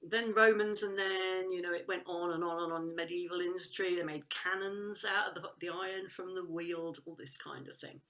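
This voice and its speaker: A woman's voice: fairly low pitch, fairly even intonation, moderate pace, hardly any pauses, a bit bright. A woman talking as a guest about trees and woodland work, enthusiastic and rambling, with frequent restarts and laughs. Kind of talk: casual conversational chat.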